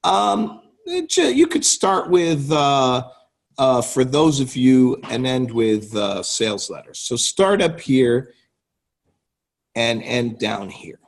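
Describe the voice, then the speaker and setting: Husky-voiced man coaching on a call. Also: mid-range voice, very animated, takes it slowly. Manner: conversational, often checks in with "right?" and "okay?". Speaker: copywriting coach. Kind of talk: teaching on a group call. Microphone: call audio.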